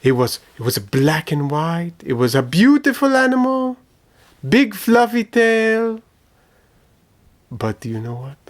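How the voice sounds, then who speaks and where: A man voicing a goofy middle-aged Italian uncle, telling rambling comic stories in broken English with an Italian accent and theatrical pauses. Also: on the high side, big pitch swings. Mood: storytelling. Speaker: puppet show storyteller character. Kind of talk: children's comedy sketch acting.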